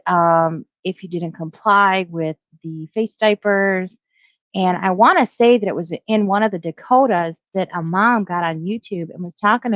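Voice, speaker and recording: A woman's voice: mid-range voice, no room sound, lo-fi sound. A middle-aged woman giving casual opinion commentary, rambling, correcting herself and reading headlines aloud. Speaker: video blogger.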